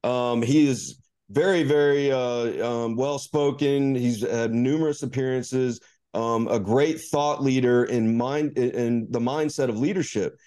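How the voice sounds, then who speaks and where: A man's voice: mid-range voice, steady tone, measured pace, warm tone, clear, resonant tone. Chatty man hosting a podcast, lots of ums. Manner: hesitant, many ums and restarts. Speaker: podcast host. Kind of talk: casual interview hosting.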